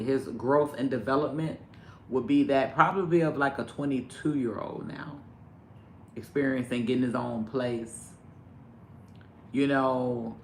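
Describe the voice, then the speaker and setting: Brief: male vlogger, forceful bright voice, profane and animated, echoey room with faint noise. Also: medium pitch. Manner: animated, profane, sudden loud outbursts. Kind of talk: casual chat to camera. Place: home indoors with pets.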